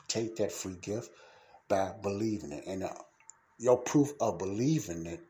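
This man hosts a podcast, his voice low and somewhat dark. He preaches in a casual, emphatic, slangy way and keeps coming back to the same points.

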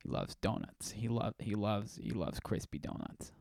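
A man voicing a proud middle-aged father who talks quietly and haltingly. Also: fairly low pitch, gravelly, no echo, studio quality. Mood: sheepish.

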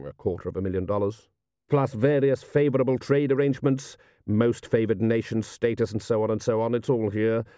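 A man reading an audiobook, voicing a cool, urbane male ruler who speaks in a smooth, precise and quietly ironic way. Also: mid-range voice, no room sound, clean studio sound, lightly acted.

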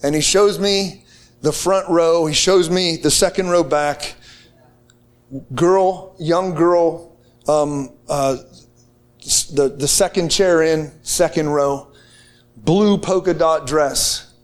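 Excited high-voiced male preacher. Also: slow pace. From United States. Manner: excited, casual slang, frequent restarts. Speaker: preacher telling a testimony. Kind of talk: animated storytelling to a group.

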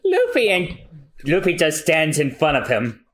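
A man co-hosting a casual manga readthrough podcast, narrating the story calmly. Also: on the high side. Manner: unhurried narrating, chuckling. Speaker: podcast co-host.

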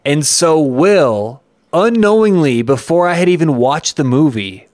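A man co-hosting a podcast, telling a story in a playful, animated way with quick asides. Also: on the high side, dry recording, clean studio sound. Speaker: podcast co-host. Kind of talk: casual chat.

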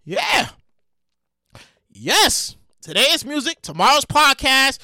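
A podcast host, heard as a woman, ranting excitedly, often stammering and repeating herself, sometimes shouting and making dramatic outbursts. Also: sits high, slow pace, dry recording. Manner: sound effects and dramatic outbursts. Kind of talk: excitable comedic rant.

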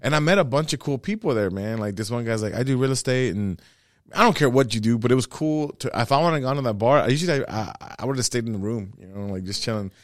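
A man, a stand-up comedian, chatting casually as a podcast guest and telling animated stories. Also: medium pitch, fast, no room sound, studio quality. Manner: animated storyteller, acts out other voices.

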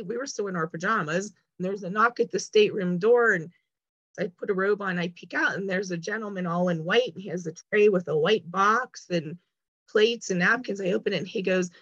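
A woman's voice: mid-range voice, a bit bright, no echo, muffled recording. A woman telling a long story in casual chat, acting out the lines of people she quotes. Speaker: guest.

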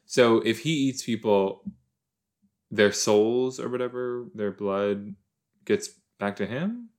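Male podcast host, average pitch, loose and jokey, thinks aloud into a corded desk mic. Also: expressive, slow. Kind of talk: casual rewatch commentary. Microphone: desk microphone with a cord.

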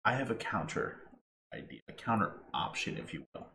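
A man co-hosting a podcast who chimes in with questions and lays out his own ideas in a measured way. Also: low voice, very animated, gravelly, pushed and bright. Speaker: podcast co-host. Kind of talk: casual chat. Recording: echoey room with faint noise.

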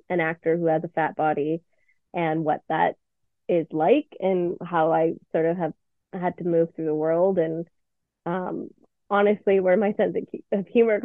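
A woman's voice: lowish voice, no room sound. Candid woman on a tinny line. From Canada. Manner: candid, expressive, swears freely. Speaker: podcast guest, playwright and actor. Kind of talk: casual interview chat. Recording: tinny phone-like line, dry.

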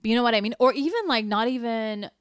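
A woman's voice: on the high side, expressive, quick pace, clean tone, dry recording, studio quality. A woman co-hosting a casual podcast who teases and swears freely. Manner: blunt, swears casually, teasing. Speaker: podcast co-host. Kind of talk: casual chat.

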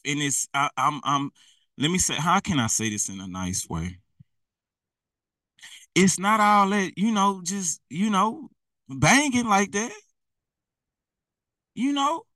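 A man's voice: a little high, sharp tone, no echo, distant mic, rough recording. A man preaching in a blunt, slangy, exhorting way, often laughing at himself. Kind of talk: fiery street-style preaching.

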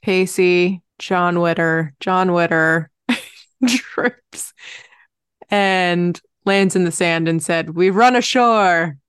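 Woman, lowish pitch, smooth clear voice, dry close sound, casual recap co-host. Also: fairly even intonation, extremely slow, no echo. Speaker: podcast co-host.

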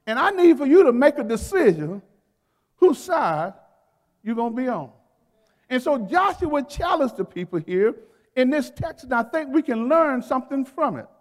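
Male pastor, very high voice, call-and-response sermon with emphatic stresses, long hall reverb. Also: very animated. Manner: call-and-response preaching, urging the congregation to repeat words; emphatic, drawn-out stresses on key phrases. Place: church sanctuary.

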